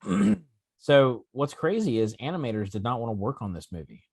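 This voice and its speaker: A man co-hosting a casual podcast chat, telling stories in a relaxed way with dry jokes. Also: mid-range voice, moderate pace, vocal fry, breathy edge, dry recording. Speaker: co-host.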